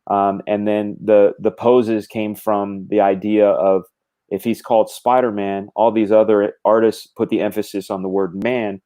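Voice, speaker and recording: A man's voice: lowish voice, level tone, unhurried, warm tone. A middle-aged man in casual conversation, animatedly explaining drawing craft with gestures and quoted thoughts. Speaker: comic book artist guest.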